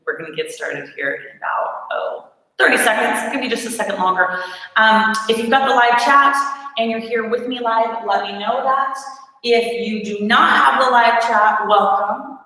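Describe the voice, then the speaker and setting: A chatty woman coaching a live workout class, her voice bright and sharp with a slight morning roughness. She talks in an easygoing, encouraging way, full of ums. The sound rings around a very echoey room with a long reverb tail. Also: fairly high pitch, moderate pace. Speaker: fitness instructor.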